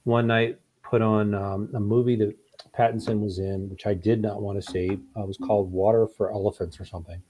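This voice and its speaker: A man's voice: lowish voice, flat delivery, a little fast, warm tone. A man chatting casually on a video call with friends, telling rambling stories. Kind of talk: casual chat.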